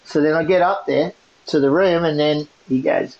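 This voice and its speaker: Gravelly man telling a story. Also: a little high, moderate pace. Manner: laughing often, animated retelling. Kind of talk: casual storytelling. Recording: muffled lo-fi sound.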